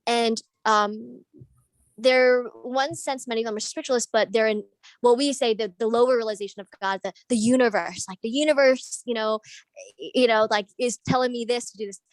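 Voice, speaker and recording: Earnest, high-voiced woman thinking aloud. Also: steady tone, fairly quick, dry recording, rough recording. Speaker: audience member asking a question. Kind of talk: spoken question in an online group discussion.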